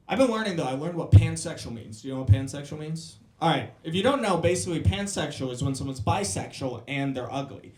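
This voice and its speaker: This stand-up comedian's voice is a little high and animated, with some hiss or hum on the recording. He's brash and crude, rattling off quick jokes and doing crowd work in a roomy-sounding club.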